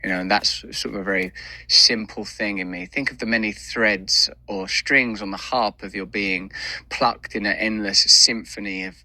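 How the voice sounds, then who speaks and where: Bright-voiced, musing man. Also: fairly low pitch, fairly even intonation, normal speed. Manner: rambling, musing and philosophical. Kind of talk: reflective monologue.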